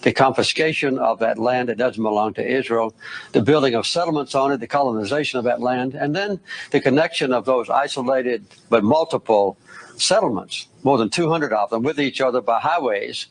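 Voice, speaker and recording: An older man from the United States answering questions as a guest in a television interview, speaking in a measured, firm way and clearing his throat now and then. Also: medium pitch, poor audio.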